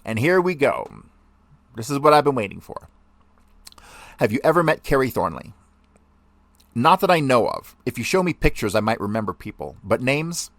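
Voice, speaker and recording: A male podcast host reading a testimony transcript aloud, with the questions louder and higher than the answers. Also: no echo.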